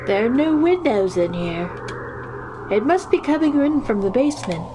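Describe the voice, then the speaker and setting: A woman's voice: a little high, very animated, moderate pace, background noise. A woman voicing a clever, polite male bird in a put-on British accent, with game music behind. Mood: musing.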